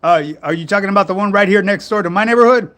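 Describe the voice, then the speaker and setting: Socal guy on a livestream, kinda high voice, loose and cussing, reading comments. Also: fast, fairly bright tone. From Southern California. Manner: slangy, profane, laid-back. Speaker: fitness livestream host. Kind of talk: casual livestream chat answering comments.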